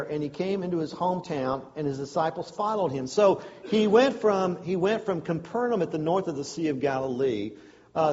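A man's voice: a little high, darkish tone. A man preaching a sermon, reading scripture and explaining it in a conversational, folksy way. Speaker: pastor. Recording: dull sound with long hall reverb.

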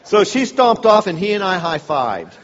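A man's voice: high voice, normal speed, slight background noise. A man giving a humorous talk to a men's church group, telling stories with sarcastic asides. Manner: storytelling, animated, sarcastic asides. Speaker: speaker at a men's church event. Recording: dull sound, long hall reverb.

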